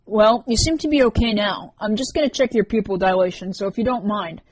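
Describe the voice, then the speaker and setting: A stout older school nurse speaks in a brisk, patient, matter-of-fact way, as a woman reads her. The sound is dry and close. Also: medium pitch, no echo, close to an everyday voice, poor audio.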